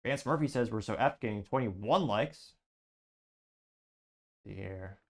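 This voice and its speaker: A man's voice: lowish voice, animated, measured pace. A man hosting an online show, reading viewer comments aloud and giving chatty, sarcastic political commentary. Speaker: show host.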